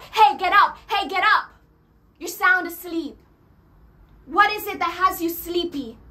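Preaching a sermon to her congregation, a woman speaks animatedly and acts out the voices she quotes. Her voice is very high-pitched.

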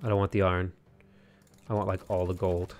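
Speaking fairly quickly in a low, slightly mellow voice with little pitch movement, this Irish man chats loosely on a stream. He plays a strategy game and reads viewer comments, rambling with plenty of restarts and "like" fillers.

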